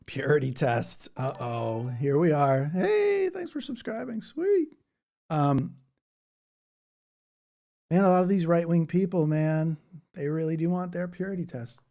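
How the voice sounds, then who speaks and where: A man's voice: fairly high pitch, a little slow, long pauses, warm tone. A man hosting a casual livestream, chatting loosely and reading out viewer comments. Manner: rambling, chatty, reads chat comments aloud. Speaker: livestream host.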